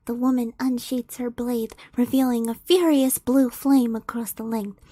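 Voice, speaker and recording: A woman's voice: sits high, steady tone, a little slow, few pauses, warm tone, dry recording. A young woman streamer reading fan fiction aloud, with giggly, playful asides to the writer.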